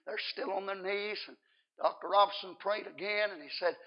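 High, gravelly male revival preacher, shouting exhortation, lo-fi. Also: moderate pace. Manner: rising to loud shouting exhortation. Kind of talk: revival sermon. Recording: dull lo-fi sermon recording.

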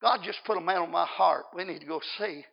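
A man's voice: sits high, a little fast, gravelly. A man preacher voicing an earnest small-town pastor who speaks in a hurry, on a dull lo-fi recording. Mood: urgent.

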